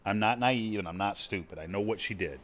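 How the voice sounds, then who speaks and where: Gamer streamer, man in his forties, low voice, swears freely, wanders off topic. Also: fairly quick, a bit bright, faint music behind. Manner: blunt, profane, rambling. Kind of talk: casual chat while gaming.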